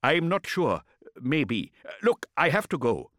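A rattled young imagist, pushed high and loud, snapping short lines, as a male narrator plays him. His voice jumps about with nervous energy in this storybook scene, dry and close to the mic. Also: wildly swooping pitch, slow, no echo, full character voice. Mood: agitated. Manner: agitated, loud and clipped. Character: young male imagist, tense, defensive, upset.

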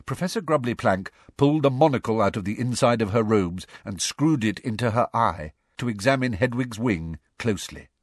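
A man narrating a storybook in an expressive storytelling manner. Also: mid-range voice, moderate pace, hardly any pauses, no room sound, studio quality. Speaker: audiobook narrator. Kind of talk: scripted narration.

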